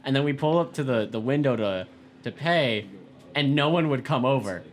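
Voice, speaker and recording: A young man, a podcast co-host, telling a story quickly in casual chat. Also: mid-range voice, expressive. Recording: faint background noise.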